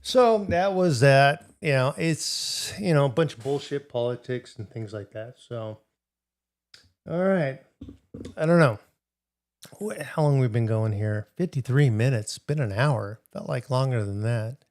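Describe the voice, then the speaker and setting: A man's voice: mid-range voice, lively intonation, unhurried, darkish tone. Rambling middle-aged man chatting on a livestream. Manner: rambling storytelling, talks to chat viewers. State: recovering from hip replacement. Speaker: livestream host. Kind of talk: casual livestream chat.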